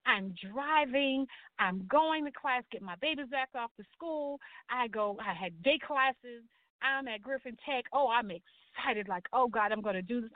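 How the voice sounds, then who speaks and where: A middle-aged woman, telling her life story as a talk show guest in an animated way, acting out voices and crying out to the Lord. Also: mid-range voice, no echo. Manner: animated storytelling, acts out quotes, churchy exclamations. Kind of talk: personal testimony in a talk show. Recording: tinny phone-line sound.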